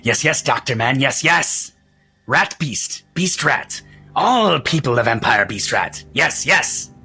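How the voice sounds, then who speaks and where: A man's voice: medium pitch, expressive, takes it slowly, gravelly, bright, forceful tone, breathy edge, soft background music, voice pushed up, full character voice. A man doing a hissing rat creature. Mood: sly. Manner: repetitive broken speech. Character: hissing ratlike male Skaven creature.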